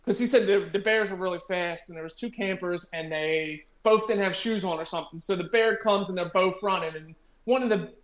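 A man's voice: high voice, brisk, few pauses. A young man telling a rambling story in casual chat, laughing and swearing. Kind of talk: casual storytelling among friends. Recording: roomy echo.

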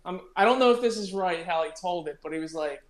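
A man's voice: high-pitched, fast talker. A young man telling a rambling story in casual chat, laughing and swearing. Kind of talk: casual storytelling among friends. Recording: roomy echo.

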